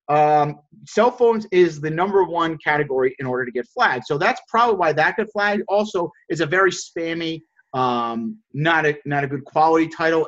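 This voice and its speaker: A man with a highish, fairly bright voice leads a sales coaching call with his group, stumbling over and repeating words and often checking in with "right?". The audio is dull and lo-fi.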